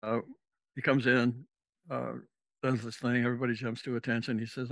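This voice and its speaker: A man's voice: mid-range voice, flat delivery, brisk, creaky, dry recording. A man, a former navy officer, telling a rambling, casual story as a podcast guest and acting out the lines of the people in it. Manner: rambling, acts out quoted dialogue.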